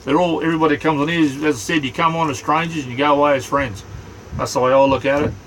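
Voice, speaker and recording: A man's voice: fairly high pitch, fairly even intonation, fast, a bit bright, rough recording. A middle-aged man with an Australian accent talks casually on a livestream, rambling and friendly with his viewers. He is in a small camper, and a faint hum sits behind his voice. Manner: easygoing, rambling, greets chatters by name. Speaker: livestream host. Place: inside a small truck camper.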